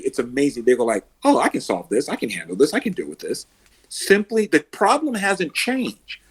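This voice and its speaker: Male podcast guest, life coach type, husky voice, mid-range pitch, lively storytelling that acts out the quotes. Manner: animated storyteller, acts out quotes and heroic laughs. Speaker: emotional success coach.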